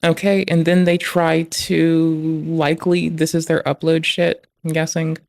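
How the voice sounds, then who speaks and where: A man's voice: on the high side, little pitch movement, measured pace, creaky, no room sound. A man on a live stream reading through malware code, ranting with sarcastic, profane commentary.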